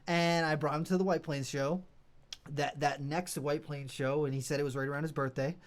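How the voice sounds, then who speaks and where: A young man co-hosting a podcast, telling a story in casual chat and acting out his friends' lines with lively energy. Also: moderate pace. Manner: animated, acts out quoted friends in a louder higher voice. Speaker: podcast co-host.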